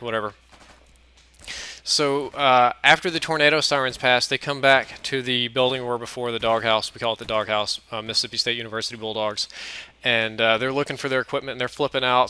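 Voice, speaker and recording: A man's voice: mid-range voice, sharp tone, smooth. A young man from the American South telling a rambling, self-mocking story over gameplay in a casual commentary. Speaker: gaming commentator.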